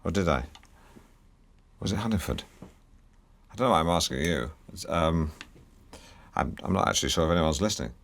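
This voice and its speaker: A man's voice: low-pitched, lively intonation, a little fast, pauses often, a bit bright. A man hosting a radio show, talking in a bumbling, awkward and self-important way. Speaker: radio presenter. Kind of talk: comic radio presenting.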